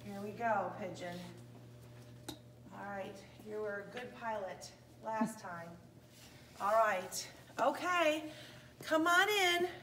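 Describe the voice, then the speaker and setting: A woman's voice: medium pitch, takes it slowly, pauses often. A woman preschool teacher leading pretend-play as check-in agent, flight attendant and pilot, in a playful sing-song way. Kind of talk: classroom pretend-play as airline staff and pilot. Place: preschool classroom. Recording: echoey room, distant mic, steady noise.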